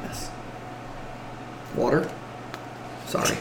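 A man's voice: drawn-out words, roomy sound, a little hiss or hum. A man running a tabletop game as game master. He jokes and laughs often. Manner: animated, joking, laughs often.

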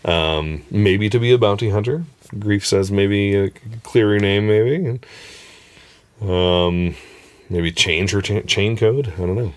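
A man's voice: fairly low pitch, slow pace. A man in casual podcast chat, talking enthusiastically with lots of fillers and restarts. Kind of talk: casual chat recapping a TV episode.

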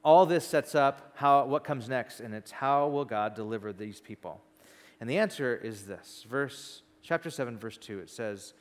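A man preaching a sermon in a conversational, animated storytelling manner. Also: mid-range voice, moderate pace. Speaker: pastor. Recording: long reverb in a hall.

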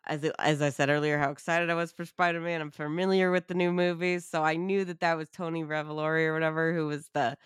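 A woman co-hosting a podcast, chatting casually and excitedly about a horror film, swearing freely and acting out her own reactions. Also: sits low, fast, hardly any pauses, clean tone, no echo, studio quality. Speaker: podcast co-host. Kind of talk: casual movie chat.

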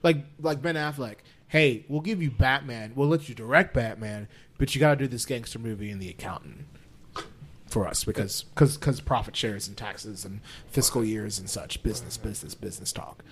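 A man's voice: medium pitch, moderate pace. A man co-hosting a casual movie podcast, tossing in wry asides. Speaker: podcast co-host. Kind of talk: casual movie-review banter.

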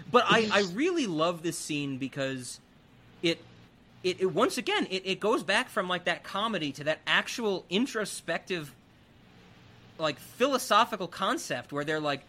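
Podcast host, male, chatty film recapper who acts out the lines; bright, pushy voice. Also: high voice, measured pace, long pauses. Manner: animated, acts out characters' lines. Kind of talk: casual film recap chat.

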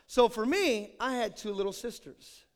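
A male pastor preaching a sermon with dramatic storytelling, swinging between loud and soft. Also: very high voice, expressive, moderate pace. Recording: echoey hall.

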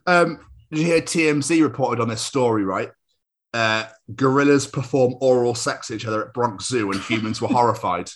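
A man co-hosts a podcast, chatting casually and rambling through funny stories while laughing often and doing silly voices. He has a medium-pitched voice and keeps a moderate pace.

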